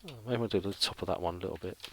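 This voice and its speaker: A man's voice: low-pitched, very fast, vocal fry, fairly bright tone, a little hiss or hum. A middle-aged man who chats casually while drawing, rambling and thinking aloud with lots of fillers. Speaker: illustrator.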